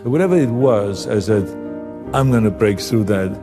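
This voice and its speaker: A man's voice: on the low side, animated, moderate pace, music in the background. A man with a German accent giving an emphatic motivational talk, driving his points home with repeated phrases. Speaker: motivational speaker. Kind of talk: motivational speech and interview clips.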